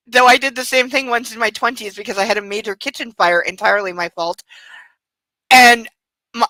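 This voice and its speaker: A woman's voice: fairly high pitch, bright, forceful tone, dry recording, low-quality recording. A woman reading a novel aloud for a comic book club, breaking off into sarcastic, profane commentary.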